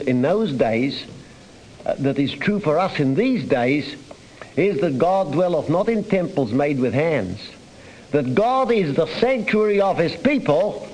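A man preaches earnestly on a psalm, reading scripture aloud and stressing words so his voice rises and falls emphatically. His voice is slightly high for a man and darkish in tone. The rough recording has some hiss or hum, like an old radio broadcast.

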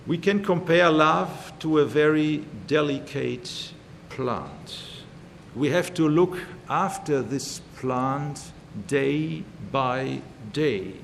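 A man preaching a sermon in a measured, emphatic way, slowly repeating his key phrases. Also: fairly high pitch, creaky, a little hiss or hum. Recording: long hall reverb.

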